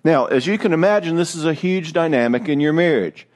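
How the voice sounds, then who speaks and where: Middle-aged male speaker, marriage seminar, pitch jumps all over, a bit higher than most men, jokey and self-mocking. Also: brisk. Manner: animated, joking, self-deprecating storyteller. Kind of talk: church marriage seminar talk.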